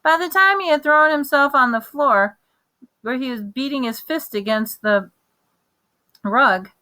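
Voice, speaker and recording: A woman reads a children's chapter book aloud. Her storytelling is plain and steady. She restarts a phrase now and then. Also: sits high, unhurried, pauses often. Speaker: reader. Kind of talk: reading a children's novel aloud.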